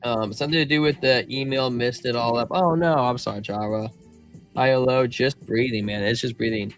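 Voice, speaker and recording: A man's voice: medium pitch, steady tone, fairly quick, faint music behind. A man hosting a live crypto stream, talking through price charts and reading viewers' chat in a casual, slangy way. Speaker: crypto livestream host.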